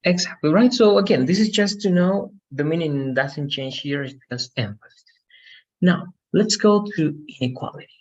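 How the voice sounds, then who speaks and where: A man's voice: on the high side, moderate pace, a little mellow, muffled recording. A man teaching an English lesson on a video call, explaining patiently and often checking with "right?". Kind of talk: online language lesson.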